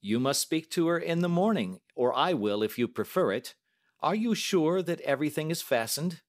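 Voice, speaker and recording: A man voicing an anxious young woman, a dutiful daughter who speaks gently and with concern. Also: fairly high pitch, animated, normal speed, no echo, clean studio sound, natural voice.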